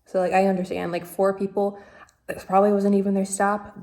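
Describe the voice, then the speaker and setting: A young woman in her twenties chats to her camera in a relaxed vlog. She rambles from one thing to the next. She fills her sentences with "like" as she goes. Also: mid-range voice, fairly quick. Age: 20s. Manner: chatty, rambling, lots of "like". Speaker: vlogger. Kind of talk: casual vlog chat.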